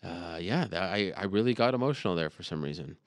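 A man's voice: low voice, lively intonation, fairly quick, no room sound, clean studio sound. A man in his thirties hosting an interview show, speaking earnestly to his guest and then announcing upcoming events. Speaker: host. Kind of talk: interview and show host talk.

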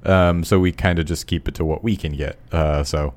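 A man co-hosting a casual podcast, chatty and relaxed, with lots of fillers. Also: sits low, moderate pace. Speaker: podcast co-host. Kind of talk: casual chat.

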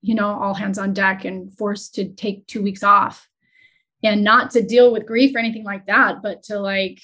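Woman, guest, entrepreneur, earnest, halting, emotional storytelling. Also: medium pitch, little pitch movement, bright, forceful tone. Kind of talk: candid conversational storytelling.

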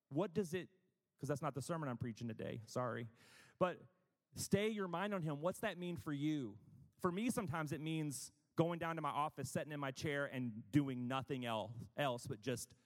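A man's voice: a little high, big-room sound. A man preaching a conversational sermon, chatty and self-deprecating, with frequent asides.

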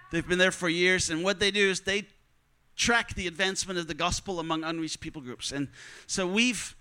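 A man's voice: high-pitched, sharp tone, clear, resonant tone. A man preaching a sermon to students, telling stories earnestly and repeating key lines for emphasis. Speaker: missionary preacher.

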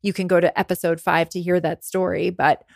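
A woman's voice: fairly low pitch, level tone, fairly quick, creaky, no echo, studio quality. A woman around forty, hosting her podcast, tells a candid personal story. She says she is worn out and under the weather, and her talk gets emotional and full of restarts. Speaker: podcast host and business coach.

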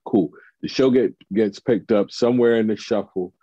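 A man's voice: on the low side, normal speed, warm tone, dry recording, dull audio. A man, a comedian and TV writer, telling a story in casual chat and acting out the quotes of the people in it.

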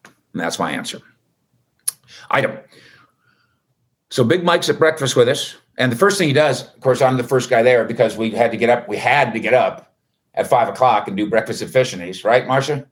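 A man's voice: medium pitch, moderate pace, long pauses. A man hosting a casual sports recap, chatty and wisecracking with rambling asides. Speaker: sports reporter host.

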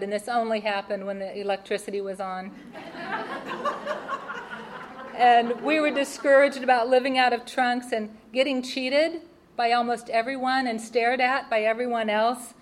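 A woman telling a personal testimony, expressive and laughing at her own mishaps. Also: a little high, moderate pace. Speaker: speaker sharing a personal testimony. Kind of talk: personal storytelling.

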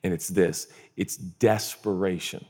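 A man's voice: steady tone, measured pace, a little mellow, husky. Man preaching in a reverberant hall. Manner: comic storytelling, acts out groans and quotes in a high voice. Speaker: pastor. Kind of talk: sermon.

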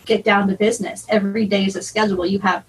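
A woman's voice: mid-range voice, flat delivery, quick pace, distant mic, rough recording. A woman speaking in a conversational interview as a karate student and mother, matter-of-fact and practical. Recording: off-mic with faint room noise.

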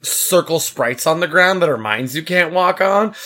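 A man's voice: fairly high pitch, expressive, moderate pace, bright, forceful tone. A man co-hosting a casual chat, joking around with lots of fillers. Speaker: podcast co-host.

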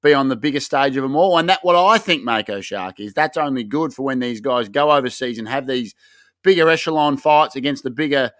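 A man's voice: mid-range voice, fairly quick, a bit bright, no room sound. A man co-hosting a casual podcast, building up segments with over-the-top hype. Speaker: podcast co-host.

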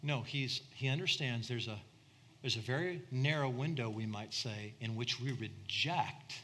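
Animated, bright-voiced male preacher. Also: medium pitch, slight background noise. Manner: animated, acts out quoted voices. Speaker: pastor. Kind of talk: sermon.

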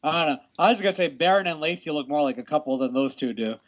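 A man's voice: fairly high pitch, animated, quick pace, muffled recording. A man chatting casually as a podcast co-host, teasing the others and laughing at his own jokes. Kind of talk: casual chat.

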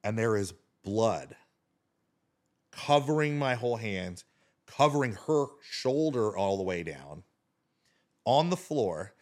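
Lively, swearing man telling a story. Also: on the low side, slow, pauses often. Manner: animated, swearing, talks with his hands. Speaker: podcast guest, DJ. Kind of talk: casual storytelling.

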